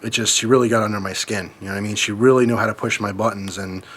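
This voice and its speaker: A man's voice: fairly low pitch, steady tone, quick pace, fairly bright tone. Rambling, profane young man telling a story. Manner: rambling, profane, with frequent fillers and restarts. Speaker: vlogger. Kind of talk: casual storytime monologue.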